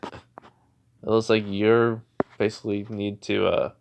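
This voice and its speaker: A man's voice: fairly low pitch, level tone, slow pace, creaky, noisy background. A man voicing a cocky teenage boy hero with fire powers, smug, offhand and taunting in a near-everyday voice.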